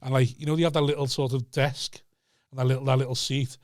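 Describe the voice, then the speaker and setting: Young man, podcast co-host, fast sweary storyteller, dry room. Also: mid-range voice, no echo. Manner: sweary, animated anecdote-telling. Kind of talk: casual chat, storytelling.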